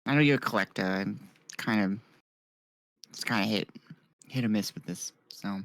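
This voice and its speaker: A man's voice: on the low side, normal speed, creaky, fairly bright tone, no echo. A man playing a tabletop game, hesitant and rambling with wry jokes. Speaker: player. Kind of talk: casual tabletop chat.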